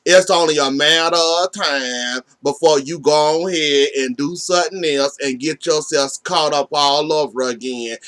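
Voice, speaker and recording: A man's voice: fairly high pitch, a bit bright. A man recapping a soap opera episode in a casual, sassy way, speaking straight to the characters and teasing them.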